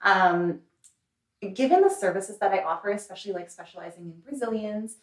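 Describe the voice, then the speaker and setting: A woman's voice: mid-range voice, animated, brisk. A young woman who owns a salon, answering interview questions in a chatty, earnest way with many fillers. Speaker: salon owner and hair remover. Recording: echoey room, mic a little distant.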